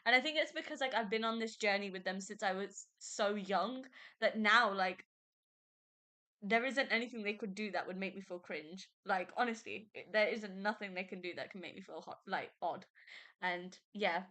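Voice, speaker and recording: A young woman hosting a book podcast, chatting through chapters in a gushing, excitable way with frequent laughs and fillers. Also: mid-range voice, normal speed. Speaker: podcast host. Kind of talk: casual book review chat.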